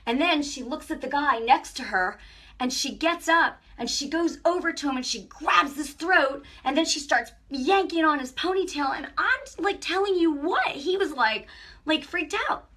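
A woman giving an impassioned spiritual testimony on her own broadcast, telling stories in an animated way that swings between hushed and loud. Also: high voice, moderate pace. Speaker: online ministry broadcaster.

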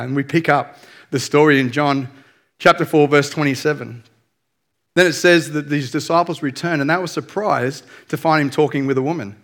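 A man's voice: fairly high pitch, moderate pace, a bit bright. A male pastor preaching a conversational sermon, telling stories in a candid, self-deprecating way.

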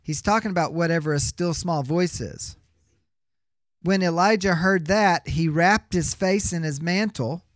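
Male Bible teacher, high pitch, dry close sound, emphatic lecturer who poses rhetorical questions. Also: no echo. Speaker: biblical counseling teacher.

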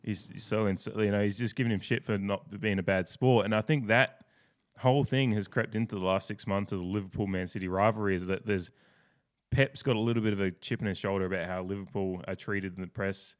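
This is a man on a casual sports podcast with a notably deep voice and a clean, resonant tone. He tells stories in an animated, rambling way, often restarting his sentences. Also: brisk. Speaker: podcast co-host.

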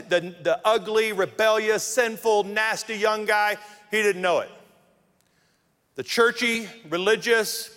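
A male pastor preaches with a fairly high, swooping voice that rises and falls with emphasis. He leans into dramatic pauses and acts out the quotes. His voice rings with the long echo of a large church hall. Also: a bit bright. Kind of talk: sermon.

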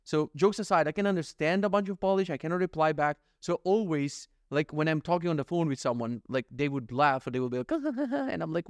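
Rambling, swearing podcast host, dry close sound. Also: male voice, a little high, expressive, fairly quick, hardly any pauses, no echo. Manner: rambling, jokey, swears freely, acts out little scenes. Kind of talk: casual solo podcast monologue.

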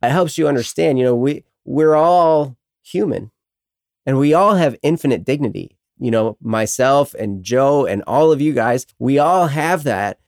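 A man co-hosting a casual faith talk show at a mid-range pitch. He talks reflectively and unhurriedly, filling gaps with "you know." His voice sits close and dry, with no room sound. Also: lively intonation, unhurried, darkish tone, no echo. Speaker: co-host.

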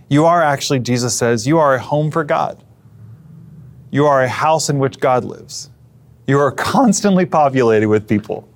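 A man's voice: medium pitch, normal speed. A man preaching a sermon as pastor, in an earnest, conversational way, often restarting phrases and dropping to a near whisper at times. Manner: earnest, conversational, with frequent restarts and hushed asides.

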